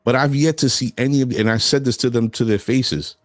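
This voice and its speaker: A man's voice: mid-range voice, a little fast, no echo, clean studio sound. A man hosting a casual podcast chat, talking bluntly and animatedly. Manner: blunt, animated storytelling with profanity. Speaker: podcast host.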